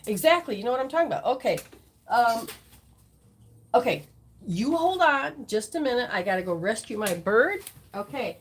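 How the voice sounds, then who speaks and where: A woman's voice: fairly high pitch, expressive, normal speed, long pauses, slight background noise. A woman teaching as a spiritual healer and intuitive reader during a live-streamed session at home. She acts out people's reactions in quoted voices.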